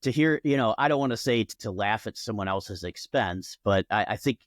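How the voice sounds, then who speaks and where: A male podcast host interviewing a guest, friendly and quick to agree and laugh. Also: lowish voice, lively intonation, no room sound, clean studio sound. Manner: friendly, affirming, laughs easily. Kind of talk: casual interview.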